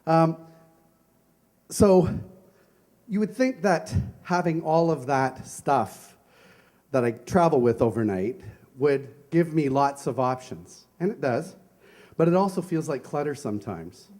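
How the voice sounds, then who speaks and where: Animated but unhurried, a minister's fairly high, slightly mellow voice carries his Sunday talk. He speaks conversationally, recounting personal anecdotes and asking questions he doesn't expect answered.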